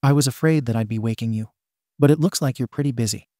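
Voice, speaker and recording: A man's voice: mid-range voice, fast talker, warm tone, no echo, clean studio sound, close to an everyday voice. A man voicing an anxious, caring teenage boy in a story reading, hesitant in manner. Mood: worried.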